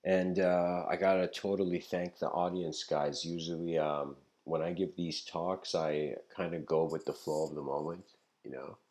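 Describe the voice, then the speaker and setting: A man's voice: deep voice, flat delivery, normal speed, darkish tone. A man giving an informal philosophy lecture, rambling and laughing often, acting out the voices in his stories.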